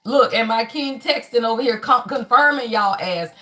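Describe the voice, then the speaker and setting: A woman's voice: fairly high pitch, moderate pace. Blunt, cussing woman hosting a live stream. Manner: blunt, profane, calls the audience "y'all" constantly; lively, preachy and emphatic. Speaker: spiritual reading channel host. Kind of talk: casual livestream chat.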